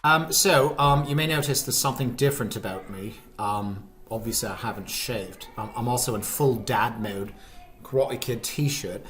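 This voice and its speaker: A Canadian man hamming up a fake British accent, as a vlogger puts it on. He talks at an ordinary mid pitch, stops and starts with plenty of ums, and pokes fun at himself as he goes. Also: moderate pace, a bit bright, soft background music, natural voice. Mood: jokey. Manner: hesitant, full of ums and self-mocking asides.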